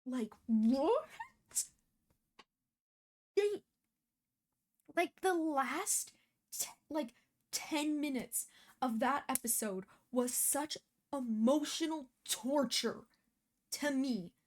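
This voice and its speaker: A woman reacts to an episode in a loose, rambling way. She circles back on herself, full of fillers and restarts. Her voice sits a little high. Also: animated, drawn-out words, pauses often. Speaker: reaction video host. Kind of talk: casual reaction commentary.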